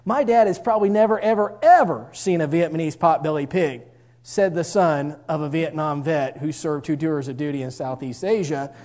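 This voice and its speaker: A man's voice: a little high, moderate pace, a little mellow. A middle-aged man, telling a folksy, self-mocking personal story with a moral.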